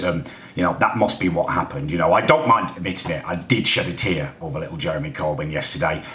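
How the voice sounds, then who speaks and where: A man's voice: sits low, pushed and bright. A man vlogging casually to camera, ranting in exasperation and tagging his sentences with "right?". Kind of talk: casual vlog monologue.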